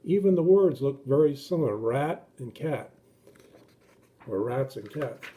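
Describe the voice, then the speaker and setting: A middle-aged man giving a children's sermon, explaining things simply and gently and acting out the voices in his story. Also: medium pitch, lively intonation, measured pace, slight background noise. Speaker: children's pastor.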